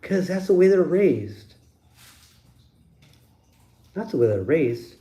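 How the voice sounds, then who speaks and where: A man with a fairly high voice that swings widely up and down as he rants. He talks bluntly and emphatically, swearing often and pressing his points hard as the host of his own channel. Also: big pitch swings, slow, mellow. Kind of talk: profane opinion rant.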